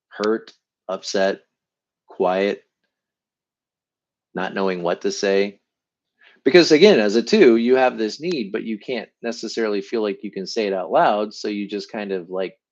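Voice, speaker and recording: Animated man coaching, lo-fi sound. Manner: animated, acts out quoted voices in a higher pitch. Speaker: enneagram coach. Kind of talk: live-streamed teaching talk.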